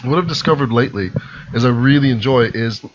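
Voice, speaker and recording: A man from Labrador, Canada, co-hosting a casual podcast chat, rambling enthusiastically and full of shout-outs. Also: medium pitch, fast, slight background noise. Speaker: podcast co-host. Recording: lo-fi podcast recording.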